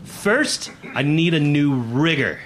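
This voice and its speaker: A man voicing a strict, impatient male pirate first mate who barks his orders loudly. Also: a little high, expressive, takes it slowly, slight background noise, voice pushed up. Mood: threatening.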